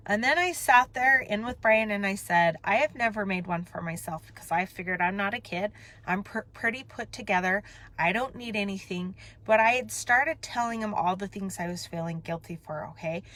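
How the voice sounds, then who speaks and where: A woman speaking into her phone from a parked car, confessional and raw. Her voice sits at an ordinary middle pitch. She rambles, corrects herself and trails off as her emotions rise. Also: a bit bright. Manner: emotional, rambling, self-interrupting. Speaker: vlogger. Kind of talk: candid confessional chat.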